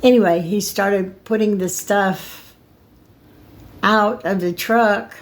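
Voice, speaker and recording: An older woman telling a personal story on her vlog, rambling and emotional, with halting restarts. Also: medium pitch, fairly even intonation. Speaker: vlogger.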